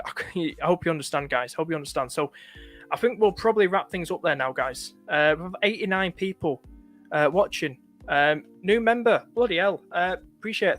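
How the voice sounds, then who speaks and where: A man from the north of England talks casually on a live stream, his northern accent light. His voice sits a little high, and he keeps thanking viewers, with many fillers and restarts. Faint music plays in the background. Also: fairly bright tone. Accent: northern English, light. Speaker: livestream host.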